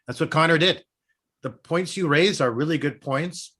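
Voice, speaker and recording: A man's voice: a little high, normal speed, fairly bright tone, slightly rough. A man in his thirties or forties, a co-host on a sports podcast, who talks in an earnest, persuasive way and argues his points at length. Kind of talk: casual sports chat.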